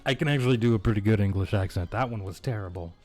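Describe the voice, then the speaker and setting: A man's voice: lowish voice, rapid-fire, a little mellow, soft background music. Crude, joking man streaming a game. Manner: crude, joking, laughs often. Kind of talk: casual live-stream chat.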